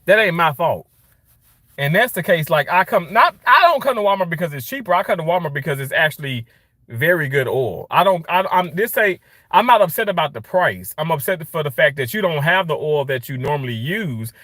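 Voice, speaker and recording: A man's voice: fairly high pitch, big pitch swings, fairly quick, sharp tone, no echo. A man ranting in a casual vlog from his car, frustrated and swearing as he rambles. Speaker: vlogger.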